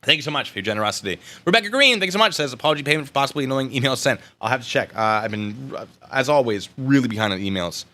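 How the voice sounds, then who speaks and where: Rapid-fire and barely pausing, a medium-pitched American man hosts a laid-back live stream full of jokes and viewer chat. His energy lurches between loud bursts and mumbling.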